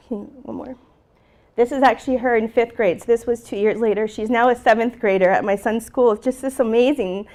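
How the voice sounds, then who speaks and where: A middle-aged woman teacher speaks to a live audience at a conference, telling a personal story. Her voice sits at an ordinary pitch for a woman. She tells it with heartfelt emotion and acts out the conversations she recalls. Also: a little mellow. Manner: heartfelt, emotional, retelling dialogue. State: tearful at moments. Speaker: teacher giving a conference presentation.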